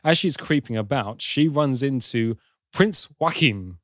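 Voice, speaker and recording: A man chatting casually as a podcast host, walking through a film's plot with a wry, sardonic edge. His voice sits at an ordinary middle pitch. The sound is dry and close, with no room around it. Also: animated, unhurried, fairly bright tone, no echo. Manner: wry, storytelling, lightly sardonic. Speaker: podcast host recapping a film. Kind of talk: casual film recap chat.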